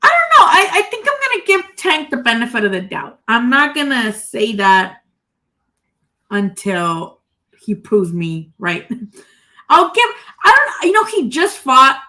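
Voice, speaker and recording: A woman hosting a casual live-stream chat, giving profane, rambling, animated opinions. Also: high voice, measured pace. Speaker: boxing channel host.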